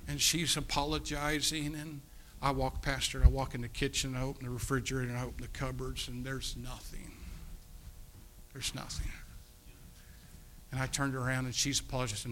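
A pastor preaches in an earnest, pleading way, telling a personal story to his congregation. His voice is bright and forward, rising loud and then dropping almost to a hush. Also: mid-range voice, flat delivery, a little fast, a little hiss or hum. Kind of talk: storytelling sermon.

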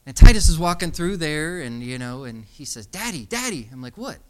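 A man's voice: on the high side, fairly quick, clear, resonant tone. A young adult man preaching a sermon. He tells stories and then builds to emphatic calls to stand up for what is right. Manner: storytelling, animated, emphatic exhortation.

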